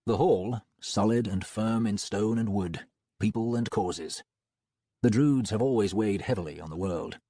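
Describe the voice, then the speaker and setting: Husky, warm-toned male audiobook narrator. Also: on the low side, unhurried, dry recording, clean studio sound. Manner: wry, expressive first-person storytelling. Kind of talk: scripted narration.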